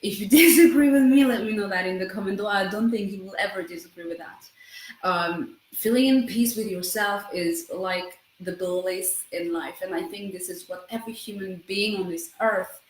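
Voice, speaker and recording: A woman in her thirties talking fast in a personal self-help vlog, often breaking off mid-sentence and adding "right?". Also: mid-range voice, fairly even intonation, reverberant, rough recording. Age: 30s. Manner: fast, self-interrupting, keeps asking "right?". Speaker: vlogger.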